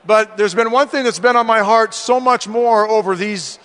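Middle-aged male speaker, earnest sermon-style storyteller, high voice, reverberant hall. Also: moderate pace, a bit bright. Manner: earnest storytelling, addresses the men directly. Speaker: speaker at a men's conference.

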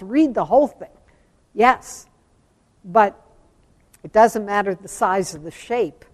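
A religious sister giving an earnest spiritual talk, telling a story with slow, emphatic phrases. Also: female voice, mid-range voice, a little mellow, big-room sound. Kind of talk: sermon-style talk on scripture.

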